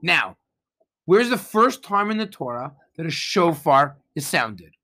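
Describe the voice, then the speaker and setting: A rabbi delivers a lively sermon in a high, bright voice that leaps up and down in pitch. He tells jokes and stories, throws rhetorical questions at his listeners and reads Hebrew verses aloud. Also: a little slow. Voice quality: Hebrew phrases read with traditional pronunciation. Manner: animated storytelling with rhetorical questions.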